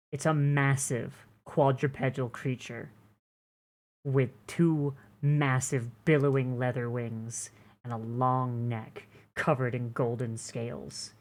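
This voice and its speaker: A woman's voice: a bass voice, a little mellow. A woman narrating a tabletop game as game master, rambling with many fillers as she describes scenes.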